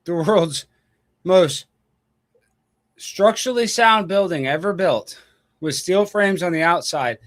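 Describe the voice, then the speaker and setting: Animated, sarcastic call-in show host. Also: male voice, sits high, slow pace, long pauses. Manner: animated, sarcastic ranting, thinking aloud while searching online. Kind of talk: casual live-stream talk.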